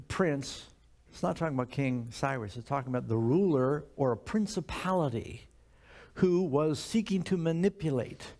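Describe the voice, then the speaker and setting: Older pastor, gravelly, conversational sermon, keeps asking the congregation stuff. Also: male voice, mid-range voice, a little mellow. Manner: conversational preaching, asks the congregation questions.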